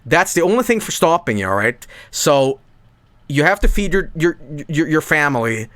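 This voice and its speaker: A male streamer giving profane live commentary, rambling and stammering through repeated words, with sudden jumps in pitch. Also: big pitch swings, moderate pace, fairly bright tone, dry recording.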